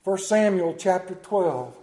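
High-voiced preacher in an echoey room. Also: male voice, lively intonation, slow, mellow, a little hiss or hum. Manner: storytelling, acting out voices of the story. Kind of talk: sermon.

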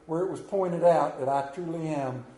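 A man's voice: a little high, moderate pace, mellow. A middle-aged man with an Appalachian accent preaching a sermon in a church, telling folksy, joking stories and putting questions to the congregation. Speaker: pastor. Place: church sanctuary. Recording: roomy echo of a church hall.

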